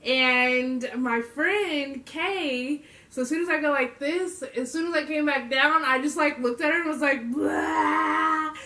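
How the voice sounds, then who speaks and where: A woman's voice: high voice, measured pace, few pauses, sharp tone, far from the mic. Chatty young woman with a roomy echo. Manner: chatty, slangy, laughs often while telling stories. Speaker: vlogger. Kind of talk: casual storytelling to camera.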